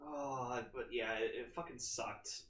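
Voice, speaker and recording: A man's voice: mid-range voice, fairly even intonation, measured pace, a bit bright. A man co-hosting a podcast in casual chat, rambling with constant "like"s and casual swearing. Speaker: podcast co-host. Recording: echoey room.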